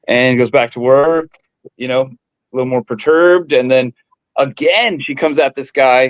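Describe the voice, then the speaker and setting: A man's voice: medium pitch, normal speed, dry recording, rough recording. A man chatting casually as a guest, gushing with gratitude and telling a joke with enthusiasm.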